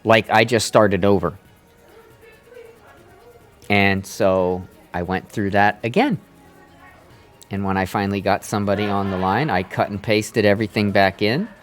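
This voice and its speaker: A man's voice: on the low side, fairly even intonation, a little slow, long pauses, soft background music. Profane, exasperated male streamer. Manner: exasperated, profane, building anger. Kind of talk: casual storytelling rant on a live stream.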